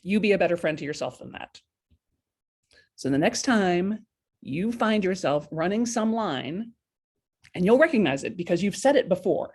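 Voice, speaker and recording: On a live coaching stream, a woman with a lowish, slightly rough voice talks to viewers at a moderate pace, pausing often. She's lively and blunt, giving casual motivational talk and acting out the voices in their heads, picked up by a webcam or laptop mic.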